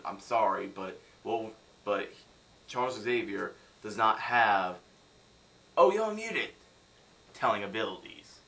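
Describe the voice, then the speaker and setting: Bright-voiced exasperated young man. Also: fairly low pitch. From United States. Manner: exasperated, sarcastic ranting. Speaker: film reviewer. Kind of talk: ranting film review vlog.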